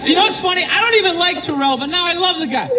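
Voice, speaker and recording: A male stand-up comedian doing an animated routine, shouting his punchlines in mocking bursts. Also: very high voice, very fast. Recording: live club set with crowd laughter and noise. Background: audience laughing.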